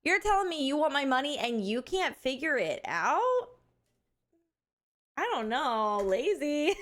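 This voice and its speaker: A woman live streamer talking with her chat in a relaxed, unscripted way. Her voice sits a little on the high side, and she is animated and candid, laughing often and swearing without a second thought. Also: takes it slowly, long pauses. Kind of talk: casual chat with viewers.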